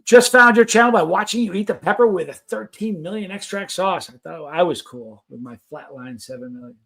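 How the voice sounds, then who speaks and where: Male stream host, loose and chatty, answers chat as he goes, voice sitting a bit high. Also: fairly bright tone. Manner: rambling, chatty, reads viewer comments aloud. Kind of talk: casual live stream chat.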